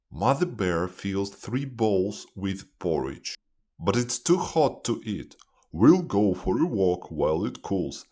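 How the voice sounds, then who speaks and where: Slow, expressive male storyteller. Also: low-pitched. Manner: clear, expressive. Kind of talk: storybook read-aloud.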